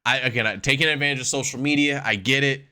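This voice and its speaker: A man's voice: mid-range voice, steady tone, quick pace, sharp tone, clear, resonant tone. A man co-hosting a wrestling podcast, chatting casually, swearing freely and laughing often as he acts out quotes. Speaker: podcast co-host.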